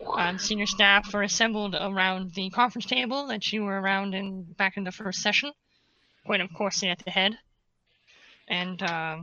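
A woman's voice: medium pitch, bright, forceful tone, no echo. A woman narrating scenes as game master of a tabletop game. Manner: descriptive scene-setting narration. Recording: dull lo-fi sound.

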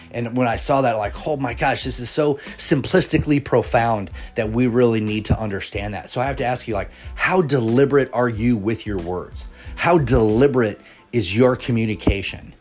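A man hosting a solo podcast, talking earnestly to his listeners with many restarts and rhetorical questions. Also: mid-range voice. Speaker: podcast host. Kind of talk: casual solo podcast monologue.

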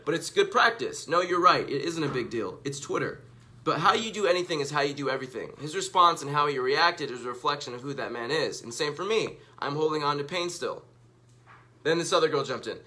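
Bright-voiced man telling a story. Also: fairly high pitch, lively intonation, a little fast. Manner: candid, profane, self-mocking. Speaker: vlogger. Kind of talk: casual storytelling, reading out tweets.

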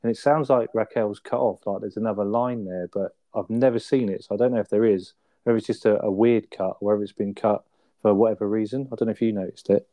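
A man's voice: on the low side, steady tone, fast talker, warm tone, no room sound. A man chatting casually on a podcast, laughing as he retells sitcom scenes and tagging on questions. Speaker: podcast co-host. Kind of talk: casual chat reviewing a sitcom episode.

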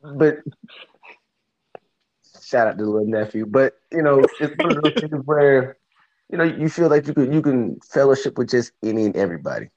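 A man's voice: medium pitch, expressive, moderate pace, darkish tone. A man co-hosting a casual faith talk, musing aloud in rhetorical questions. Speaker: co-host. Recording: dull lo-fi sound.

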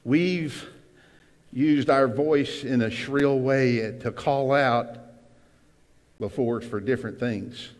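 A man preaching a sermon to his congregation as pastor, emphatic, with sudden loud cries and asides to the room. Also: mid-range voice, takes it slowly, pauses often. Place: church sanctuary. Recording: long hall reverb.

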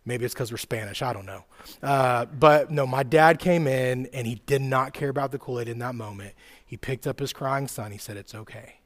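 A man in his thirties preaching a sermon to a live church audience, telling personal stories casually with lots of "like" and "right?", dropping soft and quiet then rising loud and excited. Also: medium pitch, normal speed. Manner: conversational storytelling, fillers like "like" and "right?". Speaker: youth pastor.

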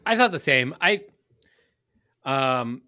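Bright-voiced chatty man, dry sound. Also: mid-range voice, animated, slow pace, no room sound. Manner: chatty, musing, dry humor. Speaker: podcast co-host. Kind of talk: casual movie review chat.

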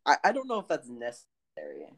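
A young man co-hosting a casual podcast, hesitant and stammering, quick to laugh. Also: medium pitch, wildly swooping pitch, fairly bright tone. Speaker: podcast co-host. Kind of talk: casual joking chat.

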